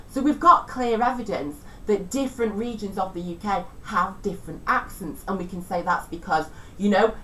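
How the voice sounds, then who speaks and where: Woman teacher, chatty revision lesson, a little far from the mic, faint rumble behind. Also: fairly bright tone. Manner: chatty, self-deprecating, tries out regional accents.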